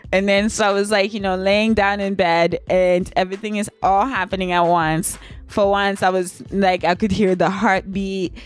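A young woman casually telling a personal story on her vlog. She laughs often and her voice jumps high when she acts out moments of shock. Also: level tone, a little slow, clean tone, faint music behind. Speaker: vlogger.

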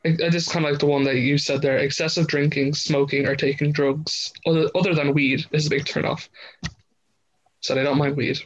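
A man's voice: fairly high pitch, level tone, fairly quick. A young man co-hosting a podcast, reading out listener stories in casual chat and laughing often. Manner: reads out stories with frequent laughter. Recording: dull lo-fi sound with faint hiss.

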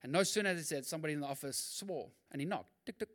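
A male pastor preaching a sermon in a lively, conversational way, with quick asides and acted-out quotes. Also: a little high.

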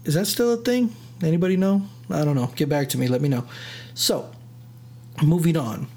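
A man's voice: a little high, moderate pace, a little mellow. Man, podcast host, casual solo storytelling, rambling, self-deprecating, goes off on tangents.

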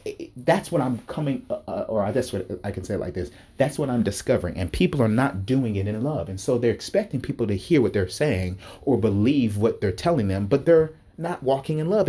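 A man giving an impassioned sermon-style talk, repeating himself and rising sharply in pitch when worked up. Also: dark tone, breathy edge. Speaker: preacher. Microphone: speaking to a recording device.

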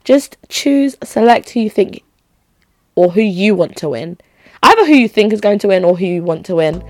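A young woman hosting a solo podcast, chatty and opinionated, her pitch jumping high when she makes a point. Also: moderate pace, no room sound. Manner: chatty, gossipy and opinionated, with lively pitch jumps. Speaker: podcast host. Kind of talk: casual solo podcast chat.

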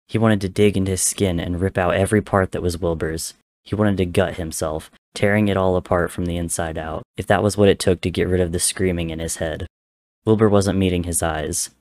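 Deep-voiced man narrating a dark tale. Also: no echo, studio quality. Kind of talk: dramatic story reading.

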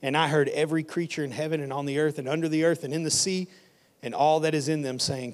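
A man's voice: fairly high pitch, fairly even intonation, quick pace. A male pastor preaching in a conversational way and reading scripture aloud to his congregation. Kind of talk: sermon.

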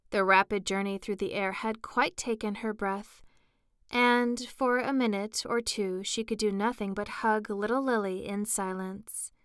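A woman narrating a storybook as an audiobook, in a slow, even storytelling manner. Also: mid-range voice, clear, resonant tone, dry recording, studio quality. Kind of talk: audiobook reading.

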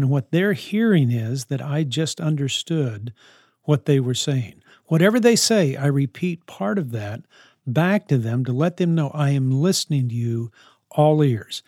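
A man's voice: medium pitch, expressive, measured pace, a little mellow, no echo, studio quality. A man answering parenting questions in an earnest, coaching way, often restarting his sentences. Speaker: parenting advice speaker.

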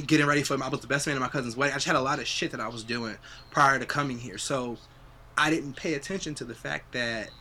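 A man's voice: medium pitch, pushed and bright, a little hiss or hum. A young adult man hosting a podcast, chatting casually and reflectively, swearing freely. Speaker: podcast host. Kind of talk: casual chat.

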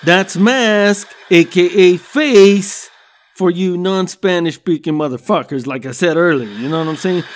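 A man with a fairly high voice rants through a comedy podcast. He swears freely, and he keeps tossing in "you know what I'm saying" and laughing at his own jokes. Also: a little slow. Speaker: podcast host. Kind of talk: profane comedic rant.

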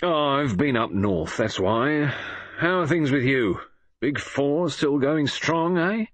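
A man's voice: fairly high pitch, lively intonation, takes it slowly, dry recording, voice pushed up. A man voicing a blunt, hearty police inspector. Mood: breezy. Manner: blunt and teasing. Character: brusque, hearty middle-aged police inspector. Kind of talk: audiobook character reading.

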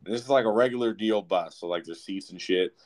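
Low-voiced young man telling a rambling story. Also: quick pace. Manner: profane, rambling, animated. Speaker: podcast co-host. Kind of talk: casual storytelling.

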